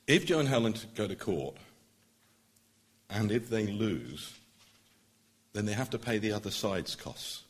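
A middle-aged man, a barrister, addressing a public meeting in an earnest, emphatic way that builds to forceful points. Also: on the low side, expressive, fairly quick, hardly any pauses. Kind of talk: public speech.

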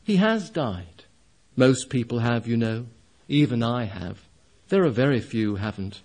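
A man doing a quiet, wise old lion. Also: medium pitch, expressive, unhurried. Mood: gentle. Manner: very quiet, gently amused. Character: great wise male lion.

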